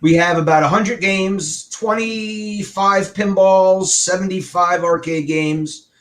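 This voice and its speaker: A man telling a story with animation and a loud, bellowing voice at times, as a guest on a talk show. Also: high-pitched, steady tone, slow pace. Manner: loud, bellowing when acting out his anger. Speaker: arcade owner and guest.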